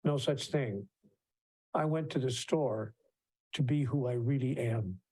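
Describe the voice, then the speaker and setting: A man's voice: mid-range voice, a little slow, dark tone, husky. A man telling a personal story as a conference speaker, often restarting sentences and acting out the voices of other people. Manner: anecdotal, with frequent restarts and acted-out voices. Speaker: keynote speaker and author.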